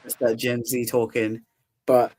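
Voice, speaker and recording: This podcast host is a young adult man whose medium-pitched voice moves at a measured pace. He chats casually through a film recap, full of laughter and acted-out quotes, with an animated manner.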